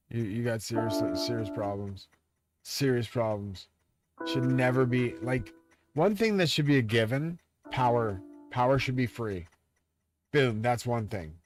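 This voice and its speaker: A man live-streaming a profane, agitated, grandiose rant aimed straight at his viewers. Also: medium pitch. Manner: profane, agitated and grandiose, talks to the audience directly. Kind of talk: ranting monologue to viewers. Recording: loud music playing behind the voice. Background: loud music.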